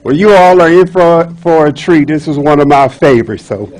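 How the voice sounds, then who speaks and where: Storyteller man, fairly high voice, dry close sound, chatty asides. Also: normal speed, hardly any pauses, a little mellow, no echo, low-quality recording. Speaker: speaker at a speaking club. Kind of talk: storytelling speech.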